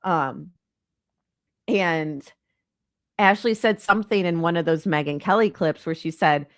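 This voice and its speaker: A woman's voice: lowish voice, measured pace, long pauses, no echo, studio quality. Congested woman doing casual true crime chat. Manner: chatty and rambling, exasperated. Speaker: true crime channel host. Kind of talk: casual commentary on a live stream.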